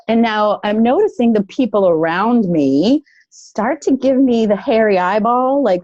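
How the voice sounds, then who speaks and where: A woman telling a personal story in a casual, thoughtful way, pausing often with fillers. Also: medium pitch, animated, a little mellow, no echo. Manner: thoughtful, halting, with many fillers. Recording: dull lo-fi, dry sound.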